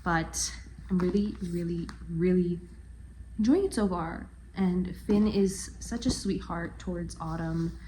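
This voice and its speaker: Young woman, casual book vlog chat, gushing, lowish voice, faint room hum. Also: a little slow, rough recording. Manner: chatty and gushing, softens to near-whispers at sad parts. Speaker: book vlogger. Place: at home, bedroom.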